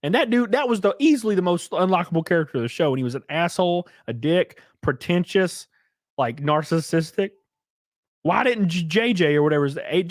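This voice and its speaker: Southern male streamer, expressive, bit raised pitch, dead-dry close mic. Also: no room sound. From Alabama. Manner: animated, profane, reads chat aloud. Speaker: streamer host. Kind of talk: casual live-stream chat.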